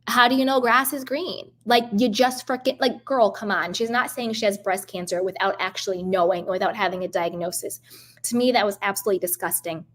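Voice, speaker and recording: Woman, casual show recapper, fired-up and opinionated, mid-pitched voice. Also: fairly quick. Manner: animated, indignant, acts out quoted voices. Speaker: reality TV commentator. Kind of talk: casual recap commentary to camera.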